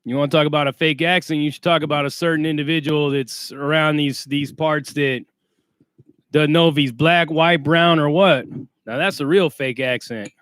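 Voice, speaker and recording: Talking in street slang, a livestream host greets viewers by name as he reads the chat out loud. His voice is a little high, fairly bright and smooth, with a steady tone and moderate pace, and no room sound is audible.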